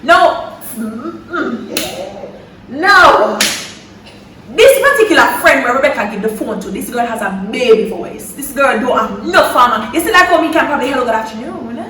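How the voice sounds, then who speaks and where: A young woman from Jamaica with a Jamaican accent, telling a story in a lively, dramatic way with patois slipping in. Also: sits high, unhurried, echoey room, recorded from a distance, slight background noise, rough recording. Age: young adult. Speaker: vlogger. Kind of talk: storytime chat.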